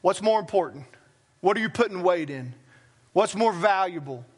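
A man's voice: sits high, lively intonation, normal speed, slightly rough. A man preaching a sermon as pastor, talking plainly and conversationally with self-deprecating asides. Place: church sanctuary.

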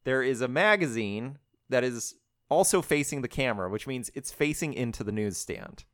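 A man chats about a film plot with dry, sarcastic asides. His voice is smooth and clean, recorded close and dry. His pitch moves around expressively. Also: expressive, moderate pace, a bit bright, dry recording. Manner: wry, sarcastic commentary. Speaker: podcast co-host. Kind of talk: casual chat recapping a movie.

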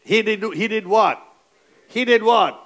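A man preaches a sermon in an emphatic, repetitive way, repeating phrases and prompting the congregation to answer back with amens. His voice sits high with a fairly bright tone, and he keeps a measured pace.

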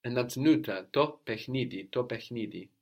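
A man's voice: mid-range voice, moderate pace. A man teaching a language lesson, patiently prompting a student and repeating model phrases.

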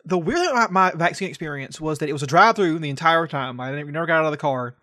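A man's voice: on the high side, lively intonation, fast talker, bright, forceful tone. A young man from the United States co-hosting a casual podcast chat, ranting sarcastically and swearing often. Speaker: podcast co-host.

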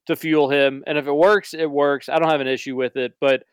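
A man's voice: a little high, steady tone, a little fast, clean tone, no room sound. A man hosting a sports talk show, giving opinions in a casual, conversational way. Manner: opinionated, conversational, reads ad copy. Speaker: sports radio host.

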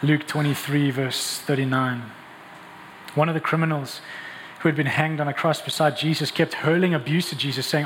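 A man preaching a sermon, telling the story in an animated, emphatic way. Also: fairly high pitch, normal speed, big-room sound, a little hiss or hum, poor audio. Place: church hall.

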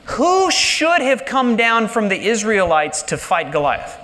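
A man preaching a sermon in a church, animated and shifting pace, dropping low and slow to press a point. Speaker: pastor. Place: large church sanctuary. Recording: live church hall reverb.

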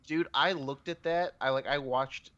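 A man's voice: a little high, steady tone, unhurried, a bit bright. A man co-hosting a podcast in a laid-back, amused way. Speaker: podcast co-host. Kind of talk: casual podcast chat. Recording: dull lo-fi mic.

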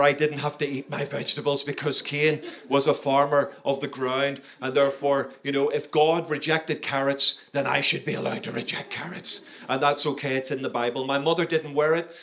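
A man's voice: mid-range voice, level tone, moderate pace, few pauses, a bit bright. A male pastor preaching a sermon, emphatic and engaging, often checking in with his listeners through questions.

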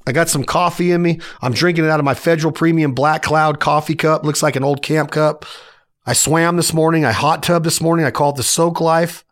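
A man in his forties delivers a fired-up solo rant as a podcast host. His voice sits a little high for a man, and he talks in emphatic, punchy bursts. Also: fairly even intonation, fairly quick. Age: 40s.

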